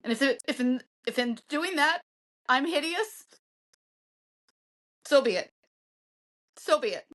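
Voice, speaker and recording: A woman's voice: high-pitched, animated, unhurried, pauses often, fairly bright tone. A woman from the co-hosting a podcast, speaking in an earnest, heartfelt and defiant way in casual chat. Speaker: podcast co-host.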